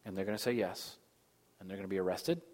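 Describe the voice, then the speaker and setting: A man in his thirties preaching a sermon as pastor, moving between loud emphasis and soft, hushed lines. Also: sits low, fast. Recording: long hall reverb.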